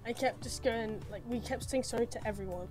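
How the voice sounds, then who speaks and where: A young woman hosting a live drawing stream, chatting quietly and a bit apologetically as she works. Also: fairly high pitch, brisk, over music. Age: young adult. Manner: quiet, soft-spoken, apologetic. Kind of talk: casual chat.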